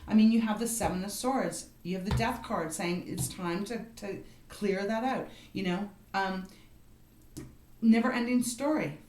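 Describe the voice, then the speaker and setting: A woman of middle pitch gives a tarot reading, encouraging and earnest, speaking straight to the listener. She circles back on her points and peppers them with "you know" and "right". The room around her voice sounds roomy and echoey. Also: moderate pace, a little mellow. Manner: repeats herself, with frequent "you know" and "right". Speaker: tarot card reader. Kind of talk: tarot reading for a star sign.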